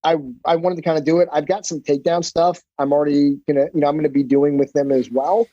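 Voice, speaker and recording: A man as a podcast guest, telling stories casually in an animated, profane way, full of fillers. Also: on the high side, fast talker, no echo, muffled recording. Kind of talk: casual storytelling.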